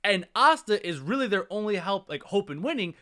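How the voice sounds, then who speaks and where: High, lively man retelling a story. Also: fairly quick. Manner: animated storytelling with casual profanity. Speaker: podcast co-host. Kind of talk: casual podcast chat.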